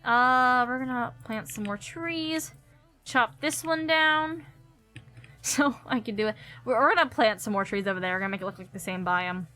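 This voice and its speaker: A woman's voice: fairly high pitch, moderate pace, sharp tone, faint music behind. A young woman streaming a game, chatting casually and giggling as she thinks aloud. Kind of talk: casual gameplay commentary.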